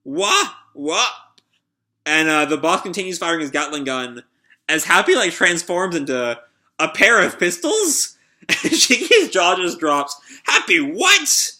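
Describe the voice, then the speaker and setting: A man with a slightly high, sharp, very animated voice speaks a little slowly. As an online video creator, he reads a manga chapter aloud and reacts live, chatty and full of fillers and laughter.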